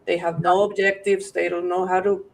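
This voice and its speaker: Woman from costa rica on a panel, firm insistent listing, flat even voice. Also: lowish voice, normal speed, creaky, rough recording. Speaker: paranormal investigator, panel guest. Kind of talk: casual panel chat.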